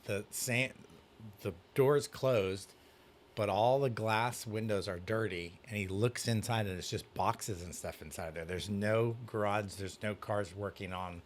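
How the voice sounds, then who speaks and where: A man's voice: lowish voice, a little slow, slight background noise. A man, a pastor, telling a story in casual chat and acting out the dialogue. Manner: animated storyteller, acts out dialogue. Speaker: youth pastor.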